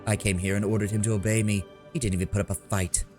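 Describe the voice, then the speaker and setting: A man's voice: lowish voice, level tone, quick pace, music in the background, lightly acted. A man voicing a cruel, gloating female demon cultist, reading game dialogue aloud in a mocking, theatrical way. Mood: taunting.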